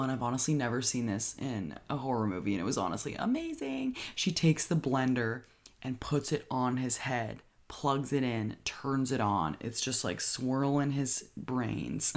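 A speaker casually recapping a horror film, excitable and full of fillers and swearing. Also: mid-range voice, moderate pace. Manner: excitable, heavy use of "like", swears. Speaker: horror movie reviewer.

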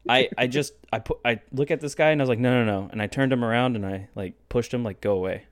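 A man's voice: quick pace, dry recording, studio quality. Young man, casual chat, rambling, acts out quoted voices. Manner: rambling, swears, acts out quotes with big pitch jumps.

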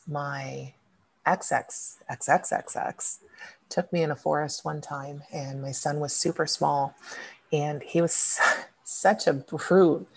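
A woman's voice: low voice, steady tone, slow, creaky, a little mellow. A woman co-hosting a podcast, telling personal stories in a rambling casual way with many fillers. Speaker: podcast co-host and coach. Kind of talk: casual chat.

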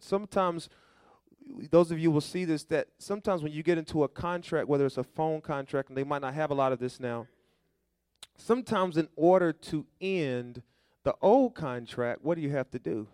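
A man's voice: fairly high pitch, lively intonation, moderate pace, a little mellow, smooth, no echo, studio quality. A man pastor preaching a sermon, with call-and-response questions to the congregation and folksy, conversational storytelling.

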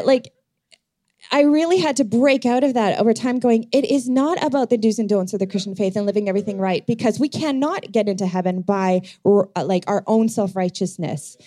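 Earnest woman preaching, dark warm voice. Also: medium pitch, no room sound, clean studio sound. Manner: earnest storytelling preaching with scripture reading. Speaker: pastor. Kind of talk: sermon.

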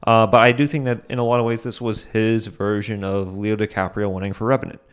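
A young man talks through his solo podcast in a loose, rambling way, with lots of fillers and side remarks. His voice sits fairly low. He often pokes fun at himself and breaks into small chuckles. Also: level tone, brisk, clean tone. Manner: rambling, full of fillers and asides; self-deprecating, chuckles often. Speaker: podcast host.

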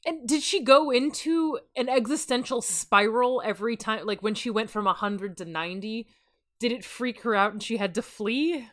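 A woman's voice: fairly high pitch, moderate pace, fairly bright tone. A young adult woman co-hosting a comedic book-reading podcast, giving wry, sarcastic commentary. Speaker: podcast co-host reading a novel aloud.

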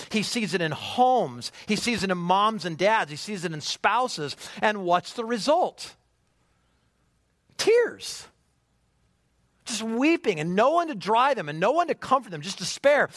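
A man preaching a sermon, animated and conversational, with many rhetorical questions. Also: sits high, no room sound, studio quality. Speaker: pastor.

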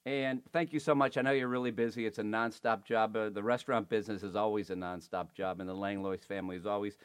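A man's voice: on the low side, fairly even intonation, fast talker, clear, resonant tone. A man hosting a cooking show, chatting and joking with a guest and reading sponsor spots. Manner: chatty, joking, repeats phone numbers. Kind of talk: casual chat and ad read.

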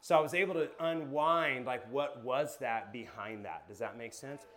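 A man preaching and teaching to a live group, energetic, asking the room questions and telling personal stories. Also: mid-range voice, moderate pace. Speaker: pastor teaching a class.

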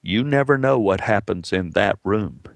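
A kindly older small-town judge, as a storyteller puts him on, speaks slowly and solemnly, with a gentle amusement underneath. His voice carries a gravelly edge and sounds close and dry. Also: on the low side, animated, dry recording.

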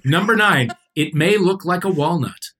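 A man's voice: high voice, moderate pace, bright, forceful tone. A man hosting a quiz game in a casual comedy podcast chat, joking as he goes. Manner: playful, joking quizmaster. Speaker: quiz host.

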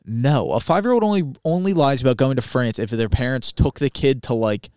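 A young man co-hosting a podcast, telling a story in a casual, animated, swearing way and acting out quoted voices. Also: medium pitch, fairly quick, smooth, dry recording, studio quality. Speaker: podcast co-host.

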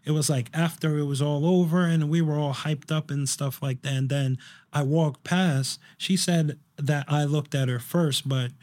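A man's voice: fairly high pitch, steady tone, normal speed, a little mellow. A young man chatting casually on a podcast, telling a story in a rambling way with lots of fillers and restarts. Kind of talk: casual chat.

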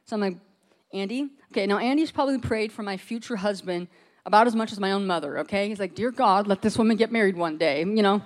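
Animated woman telling a personal story. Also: mid-range voice, fast. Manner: lively storyteller acting out quoted voices, laughs often. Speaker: speaker telling her story to a group.

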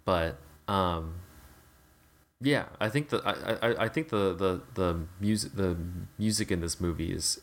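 A man in casual podcast chat about a film, rambling with many fillers and restarts. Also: sits low.

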